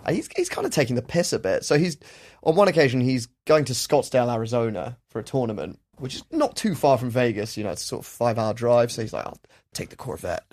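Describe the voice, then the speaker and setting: A man hosting a podcast, telling a story in a lively, animated way and breaking into shouted character voices. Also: mid-range voice, quick pace, hardly any pauses. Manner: animated, acts out characters with loud shouted impressions. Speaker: podcast host. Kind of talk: storytelling chat.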